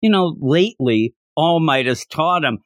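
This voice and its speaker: A man talks with a lively, swooping voice sitting a little high, retelling a story with plenty of animation. His voice is dry and close, with almost no room sound. He sounds like a podcast host in an easygoing chat. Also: unhurried, dry recording. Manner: animated storytelling, acting out quotes. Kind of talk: casual manga discussion.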